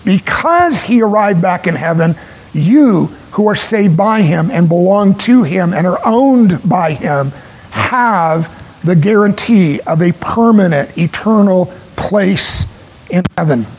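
Man, pastor, sermon, high voice, gravelly, husky, emphatic. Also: animated, a little mellow, rough recording. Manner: earnest, emphatic preaching with pauses.

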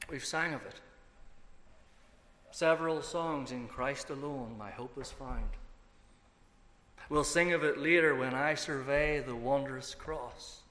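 A man's voice: medium pitch, slow, pauses often, bright, forceful tone. A man preaching a sermon as pastor, emphatic and building through repeated phrases. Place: church sanctuary. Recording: echoey hall reverb.

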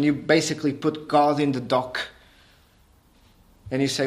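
A man preaching a sermon, emphatic and repetitive, asking the congregation rhetorical questions and building to forceful peaks. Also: medium pitch, fairly even intonation, moderate pace, long pauses. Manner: emphatic, rising to forceful peaks, repeats phrases.

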